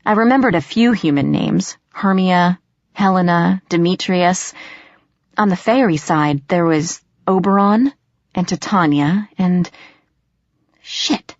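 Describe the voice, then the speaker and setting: A woman narrating an audiobook in first person, expressive and storytelling. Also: lowish voice, a little slow, no room sound. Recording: dry, slightly dull audio.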